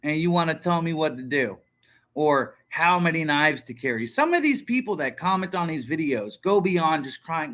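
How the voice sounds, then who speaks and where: Male host, 30s, casual stream talker, profane and rambling, bright voice. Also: a little high, very animated, moderate pace. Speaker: livestream host. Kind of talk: casual livestream chat.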